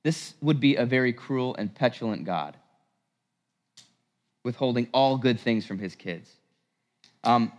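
Animated male preacher in a church. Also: medium pitch, normal speed. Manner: animated, rhetorical questions, emphatic. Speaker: priest preaching. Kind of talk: sermon. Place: church sanctuary. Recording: long church reverb.

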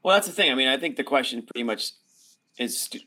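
A man co-hosting a casual basketball podcast, thinking out loud with stammered restarts. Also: medium pitch, lively intonation, fast. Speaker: podcast co-host.

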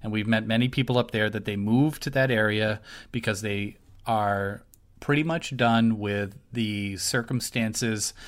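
Rambling male podcast co-host. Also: fairly low pitch. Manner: rambling, searching for words. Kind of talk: casual discussion.

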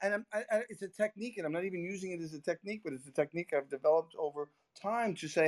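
A man's voice: high-pitched, very fast, hardly any pauses, darkish tone. A middle-aged man talking sales on a podcast, emphatic and full of repeated words, his voice swinging up and down as he makes his points. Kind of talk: animated conversational podcast talk.

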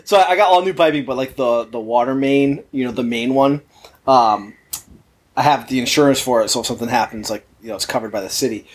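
Husky-voiced man telling a laid-back story. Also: mid-range voice, a little fast. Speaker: podcast co-host. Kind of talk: casual chat.

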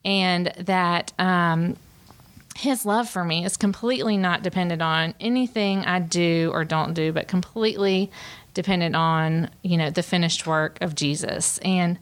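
A woman's voice: lowish voice, unhurried, clear, resonant tone. A woman, giving an earnest, confessional personal testimony with frequent fillers. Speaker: speaker sharing her testimony.

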